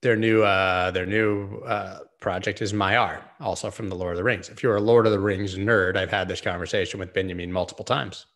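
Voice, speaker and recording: A man hosting a live stream, analysing trading charts in a casual, joking, rambling way with quick asides. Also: sits low, steady tone, a bit bright.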